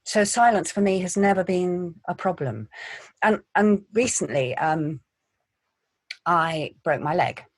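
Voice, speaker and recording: Soft-spoken actress, husky voice. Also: female voice, fairly low pitch, animated, unhurried, no echo. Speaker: actor. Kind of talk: interview answers.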